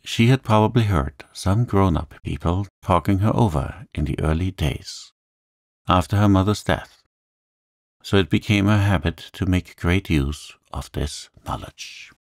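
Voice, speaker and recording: A man narrating a classic novel as a calm, gentle sleep story. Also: low voice, a little slow, no room sound, studio quality.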